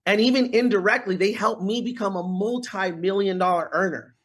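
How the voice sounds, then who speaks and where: A man with a husky, breathy voice that sits fairly high for a guy speaks as a podcast guest. He talks in an earnest, fired-up way and repeats phrases as he builds his point. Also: a little fast, a bit bright. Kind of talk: casual storytelling interview.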